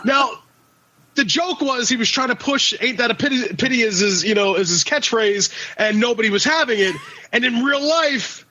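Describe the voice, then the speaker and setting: A man's voice: very high voice, fairly quick, bright, forceful tone, highs cut off. A man co-hosting a podcast in casual chat, rambling and swearing, with many restarts. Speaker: podcast co-host.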